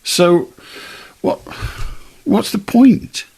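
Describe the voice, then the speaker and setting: Blunt husky radio phone-in host. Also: male voice, sits high, extremely slow, darkish tone. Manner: firm, blunt, chatty. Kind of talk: late-night radio phone-in chat.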